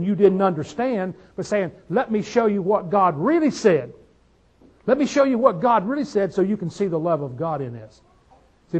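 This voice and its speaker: A man delivers a sermon in a high voice, leaning into each point and asking his listeners one rhetorical question after another. The recording sounds dull and lo-fi. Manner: emphatic, rhetorical questions to the audience. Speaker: preacher.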